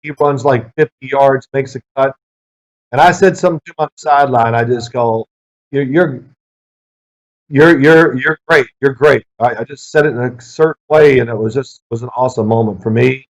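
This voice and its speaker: A middle-aged man, a former football player, answering interview questions with lively anecdotes. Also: mid-range voice, fairly quick. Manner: lively storyteller who acts out quoted people. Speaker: interview guest, former pro quarterback. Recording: dull lo-fi sound.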